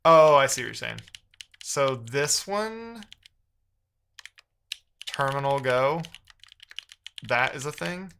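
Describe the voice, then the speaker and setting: A man's voice: mid-range voice, animated, slow pace, creaky, long pauses, fairly bright tone, a little hiss or hum. A man live-streaming while he codes, talking casually and reading the chat aloud in a frustrated, muttering way.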